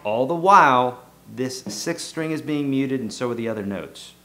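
A man's voice: medium pitch, lively intonation, normal speed. A man giving a casual guitar lesson in a loose, joking, self-deprecating way. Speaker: guitar teacher. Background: guitar playing.

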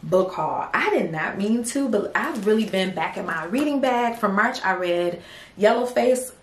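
Casting: young woman, chatty home vlogger who keeps saying y'all. Mid pitch, roomy sound. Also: expressive, moderate pace, slight background noise. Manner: chatty, addresses viewers as y'all and girlies. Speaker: vlogger and small business owner. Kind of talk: casual chat to camera. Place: home office room.

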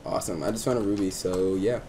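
A young man hosting a casual gaming chat, excitable and teasing, breaking into high yelps over a headset mic. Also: fast, slight background noise. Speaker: let's play host.

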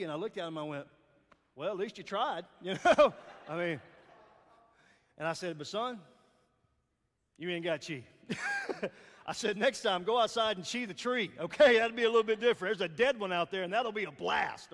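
A man in his forties with a Southern US accent, giving a playful, lively chapel sermon as guest speaker, joking and calling out to the crowd. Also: high-pitched. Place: large hall. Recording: long hall reverb.

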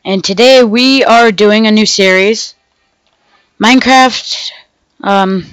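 A woman's voice: medium pitch, slow pace, a bit bright, smooth, dry recording, poor audio. A woman hosting a gaming channel, giving rambling casual commentary while she plays and talking to herself, sounding off because she is sick. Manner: rambling, chatty, talks to herself and the game animals.

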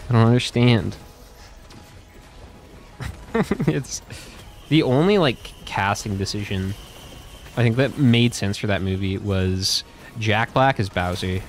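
A man's voice: lowish voice, lively intonation, slow pace, pauses often, faint music behind. A young man doing casual gameplay commentary, chatting to viewers with frequent swearing and laughter. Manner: profane, laughing, loose chatter. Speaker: YouTuber playing a game and talking to chat.

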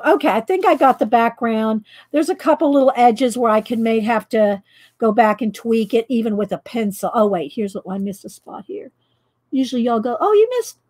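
Woman, light Texan accent, middle-aged, casual rambling chat, laughs often, slightly high voice. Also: a little mellow. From Texas. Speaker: artist vlogger. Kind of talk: casual live-stream chat while coloring.

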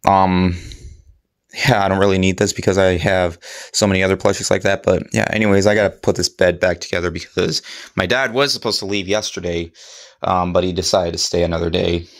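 A man's voice: low-pitched, fairly even intonation, a little fast. A man chatting casually in a monthly vlog, rambling with lots of fillers and restarts. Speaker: vlogger.

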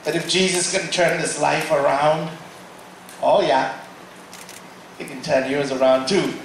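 Male preacher from Africa, slightly high voice, lively storyteller who acts out every exchange; booming church hall, miked from a distance. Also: measured pace. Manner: animated storytelling, acting out dialogue. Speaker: guest preacher. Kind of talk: testimony sermon. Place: large church auditorium. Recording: echoey hall, mic from far off, faint noise.

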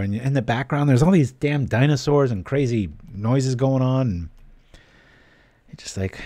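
A man streams a card game and keeps up a casual, joking patter, answering his chat between plays. His voice sits in an ordinary middle pitch. It is recorded close and dry on a desk mic. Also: normal speed, mellow, no room sound. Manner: chatty, joking, reads chat aloud. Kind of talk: casual gameplay commentary with chat.

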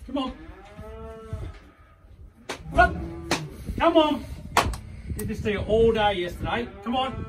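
Aussie farm guy off mic, lively high voice, shouting come on to a bull, noisy yard. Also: slow pace, pauses often, distant mic, music in the background. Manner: urges the bull, tells corny jokes.

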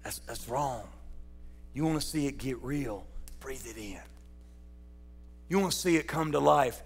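A man preaches in a church sanctuary, his fairly high voice ringing with a long reverb. He keeps it folksy and calls out to people in the pews. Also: normal speed. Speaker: pastor. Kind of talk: sermon.

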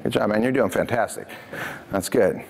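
A man giving a lively prevention talk to a youth audience, telling stories and speaking to the crowd directly. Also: lowish voice, normal speed, gravelly, slight background noise. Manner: energetic, addresses audience directly. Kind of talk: lively presentation with storytelling. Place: church hall. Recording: echoey hall.

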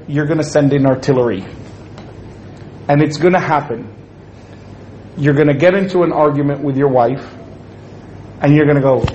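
In a low-quality recording with slight background noise, a man with a slightly high, slightly mellow voice gives an Islamic lecture full of humor. He jokes around and acts out small scenes, quoting characters as he tells his stories.

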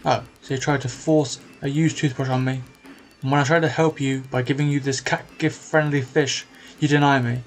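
A man's voice: mid-range voice, level tone, normal speed, soft background music, lightly acted. A man voicing a pushy, indignant trickster in an elephant suit in a video game, bossy and guilt-tripping.

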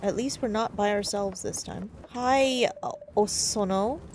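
A young woman giving casual let's-play commentary, excitable, squealing in delight and swearing when startled. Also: mid-range voice, measured pace. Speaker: gamer streamer.

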